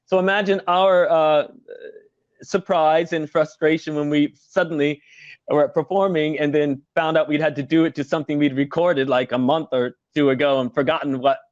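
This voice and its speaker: A man's voice: on the high side, steady tone, moderate pace, no echo, muffled recording. A middle-aged man, a former musical performer, telling stories as an interview guest in a chatty way, laughing often and using many fillers. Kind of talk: casual video-call interview.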